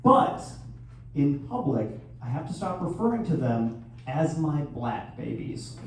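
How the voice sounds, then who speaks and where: A man in his thirties doing a crude stand-up comedy set with sudden loud outbursts. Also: on the high side, big pitch swings, measured pace. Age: 30s. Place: live venue hall. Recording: echoey hall from far off, faint noise.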